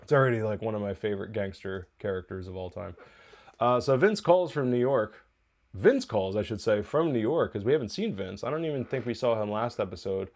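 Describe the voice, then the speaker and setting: A man's voice: on the low side, lively intonation, fairly quick, a little mellow. A man hosting a TV review podcast, recapping an episode in a chatty, rambling way, correcting himself and laughing often. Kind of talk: casual spoken episode recap.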